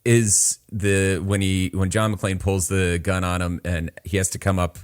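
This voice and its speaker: A man co-hosting a casual podcast, talking in an animated way with stumbling restarts. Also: deep voice, unhurried. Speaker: podcast co-host. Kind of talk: casual chat.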